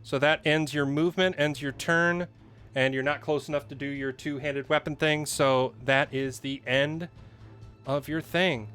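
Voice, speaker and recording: A man's voice: a little high, steady tone, a little slow, a bit bright, clear, resonant tone, faint music behind. A man running a tabletop game as game master, explaining the rules in a playful way and laughing often as he acts out the monsters.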